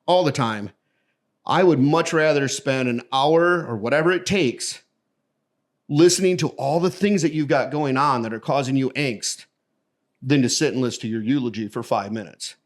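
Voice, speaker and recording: A man's voice: mid-range voice, moderate pace. A middle-aged man from the American Midwest, a podcast guest telling stories in casual conversation and acting out the voices in his anecdotes. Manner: animated storyteller who acts out the voices in his anecdotes.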